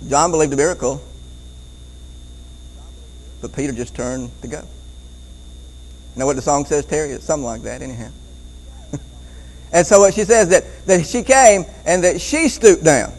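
A man preaching a Bible-teaching sermon, animated, often repeating words and chuckling as he goes. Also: on the high side, normal speed, pauses often, rough recording.

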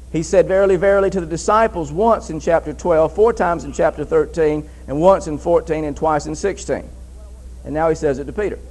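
Male preacher, high voice, emphatic sermon delivery with repeated phrases. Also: a little mellow, poor audio. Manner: emphatic, repeats phrases, reads scripture aloud.

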